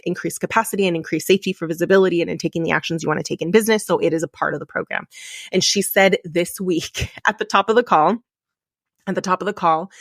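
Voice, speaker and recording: Speaking directly to her podcast audience, a middle-aged woman gives heartfelt, openly emotional coaching, driving points home through emphatic repetition. Her voice is lowish yet fairly bright, captured close and dry without echo or room sound.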